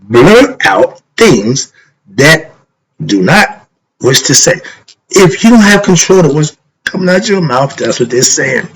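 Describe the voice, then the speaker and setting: A man's voice: on the high side, big pitch swings, slow pace, a bit bright, breathy edge, rough recording. Emphatic man teaching with rhetorical questions. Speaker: spiritual teacher. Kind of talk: informal spiritual lesson.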